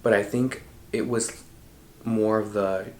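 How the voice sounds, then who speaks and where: A man hosting a podcast, recounting a dream in an animated, slangy and profane way. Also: fairly low pitch, slow pace. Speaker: podcast host. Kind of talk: casual storytelling. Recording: roomy echo.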